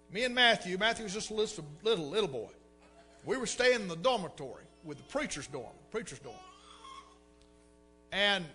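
A middle-aged preacher, telling a story in a folksy, animated way and repeating words for effect. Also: male voice, high-pitched. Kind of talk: sermon storytelling.

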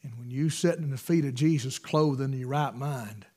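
A man, preaching a sermon through folksy stories, emphatic and swinging between loud bursts and hushed asides. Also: mid-range voice, moderate pace, husky. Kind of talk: storytelling sermon.

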